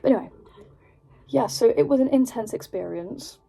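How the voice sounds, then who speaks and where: A young woman with an English accent telling a rambling, animated story at home while doing her makeup, full of "like". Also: on the high side, moderate pace, creaky, poor audio. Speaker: vlogger. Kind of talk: casual storytime chat.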